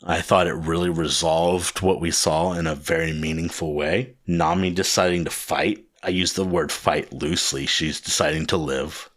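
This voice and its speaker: A man's voice: low-pitched, fairly even intonation, normal speed, few pauses, a bit bright. A man hosting a podcast, talking earnestly and reflectively in casual chat. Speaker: podcast host.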